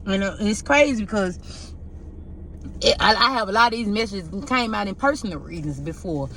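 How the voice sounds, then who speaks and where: A woman tarot reader speaking straight to her viewers in a confessional, preachy way. She keeps checking in with her listeners and lays bare her own hurts as she urges them toward the divine. Her voice sits at an ordinary pitch for a woman. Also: expressive, brisk, a bit bright, a little hiss or hum. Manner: preachy, keeps asking "you get what I'm saying"; heartfelt and confessional. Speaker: tarot reader giving spiritual messages. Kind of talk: emotional spiritual pep talk to viewers.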